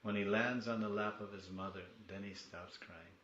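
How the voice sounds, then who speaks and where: A man giving a devotional class, moving between soft storytelling and loud, pleading prayers. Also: lowish voice, steady tone, normal speed, echoey room, highs cut off, slight background noise.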